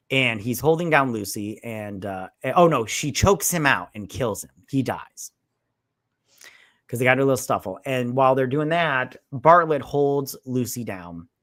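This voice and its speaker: A man rambling loosely through a film plot, cursing freely and slipping into the characters' lines. He sounds close and dry, with no room around him. His voice sits at an ordinary middle pitch. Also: fairly bright tone, dry recording. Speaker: movie review co-host. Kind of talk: casual live-stream chat.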